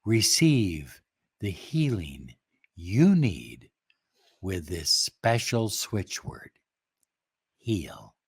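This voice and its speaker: A man teaching a self-help practice, speaking slowly and emphatically and dropping some words to a soft whisper. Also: low-pitched, big pitch swings, vocal fry, slightly rough. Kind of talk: motivational talk to camera.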